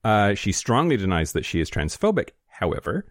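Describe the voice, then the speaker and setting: A man's voice: on the low side, sing-song, brisk, dry recording, studio quality. Guy cohosting a podcast, reads the news all blunt and sweary, voice bounces up and down. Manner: blunt, profane, sarcastic. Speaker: podcast co-host. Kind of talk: casual chat, reading news. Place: studio.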